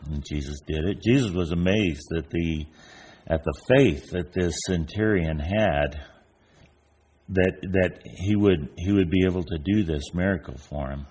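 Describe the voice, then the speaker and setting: Folksy older man preaching, very deep. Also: measured pace, a little mellow, breathy edge. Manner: folksy storyteller, acts out imagined voices. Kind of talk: informal sermon.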